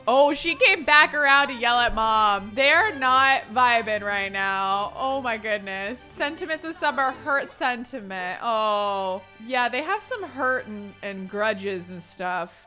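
Bright-voiced young woman playing a life sim. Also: fairly high pitch, expressive, slow pace, few pauses. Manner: chatty, playful, voices her sims' thoughts. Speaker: gaming YouTuber. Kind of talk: let's-play commentary. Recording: light background music.

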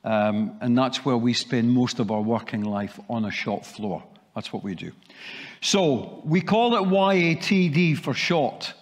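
A man's voice: mid-range voice, expressive, unhurried. A middle-aged man with a slight Scottish accent gives a chatty conference talk and tells his story with occasional restarts. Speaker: keynote speaker. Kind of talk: conference presentation. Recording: long hall reverb.

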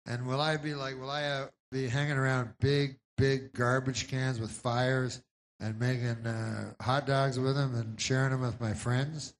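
A man doing a stand-up comedy set with a rambling, deadpan delivery full of meandering asides. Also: medium pitch, measured pace.

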